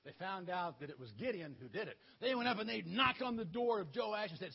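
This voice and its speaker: A man's voice: high-pitched, lively intonation, a little fast, gravelly, hardly any pauses, slightly rough, lo-fi sound. A man preaching a children's story sermon, retelling a Bible story in a playful, conversational way.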